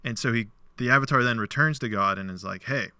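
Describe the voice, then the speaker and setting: A podcast host with a medium-pitched, smooth voice talks at a quick pace with no room sound. He casually retells a parable, animatedly acting out its dialogue in loose speech packed with "like" fillers.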